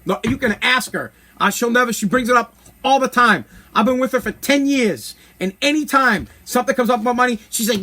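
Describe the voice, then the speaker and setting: A man's voice: very high voice, animated, brisk, pushed and bright. A man in his thirties hosting a podcast, ranting bluntly in a brash, rambling comedic way. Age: 30s. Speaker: podcast host. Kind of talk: casual comedic rant.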